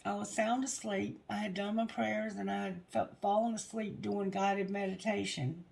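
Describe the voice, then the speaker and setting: A middle-aged woman with a gravelly, creaky voice tells a story from her own life. She talks bluntly and heatedly, swearing freely, at a mid pitch. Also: flat delivery, moderate pace, darkish tone. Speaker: tarot reader. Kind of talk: personal storytelling.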